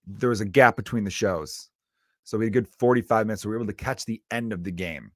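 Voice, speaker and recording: A man's voice: lowish voice, quick pace, dry recording, studio quality. A man, a comedian hosting his podcast, ranting casually with lots of swearing and asides. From Chicago area. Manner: profane, animated ranting with frequent asides.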